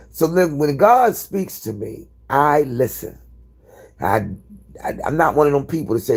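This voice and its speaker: A man's voice: medium pitch, animated, normal speed, vocal fry, a little mellow, breathy edge. A man hosting a live stream in casual, candid chat, rambling and swearing freely. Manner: candid, profane, rambling storyteller.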